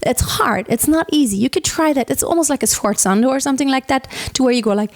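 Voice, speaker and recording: High-voiced woman teaching singing. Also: expressive, fast, dry recording. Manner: explains then sings examples, light flowing delivery. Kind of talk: vocal lesson with sung demonstrations.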